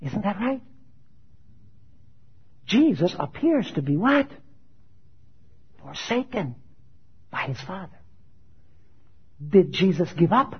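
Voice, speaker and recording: Speaking slowly and pausing often, a very animated man preaches with a slightly rough voice. He quizzes his listeners and answers for them, getting loud when quoting scripture and going quiet for the questions. The audio is dull and lo-fi.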